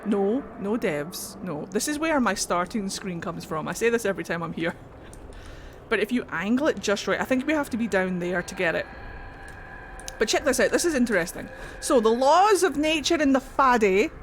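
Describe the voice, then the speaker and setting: A woman streamer talking casually over a game, excitable and given to swearing. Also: mid-range voice, normal speed, slight background noise. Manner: excitable, swears and laughs a lot. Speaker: gaming streamer. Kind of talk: casual let's-play commentary.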